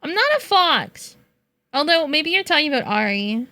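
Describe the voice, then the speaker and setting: Young woman streamer ranting to chat, high bright voice, dry close mic. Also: normal speed, dry recording. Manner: animated venting, swearing and laughing.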